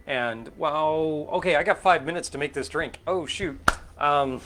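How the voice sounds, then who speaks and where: A man's voice: fairly high pitch, a little slow, fairly bright tone, a little hiss or hum. A middle-aged man from California's Central Valley, hosting a casual cocktail stream and thinking aloud with lots of fillers as he mixes. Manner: rambling, thinking aloud with fillers and self-corrections. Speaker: host making cocktails. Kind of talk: casual live-stream chat while mixing drinks.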